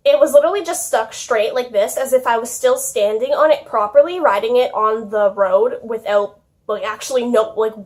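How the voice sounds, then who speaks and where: A woman's voice: fairly high pitch, darkish tone. A young woman telling a childhood story in a casual vlog, chatty and giggly, with lots of "like". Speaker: YouTuber.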